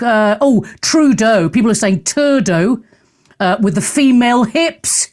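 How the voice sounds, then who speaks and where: A woman's voice: fairly high pitch, lively intonation, normal speed, a little mellow. Brash, sarcastic woman radio host. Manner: brash, sarcastic, theatrical asides. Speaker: radio talk show host. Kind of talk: opinionated talk radio monologue.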